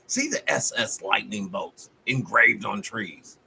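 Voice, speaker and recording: A man hosting a live stream, giving a fiery, profane, preacher-like monologue that swings between loud outbursts and low muttering. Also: animated, takes it slowly, creaky, a little hiss or hum.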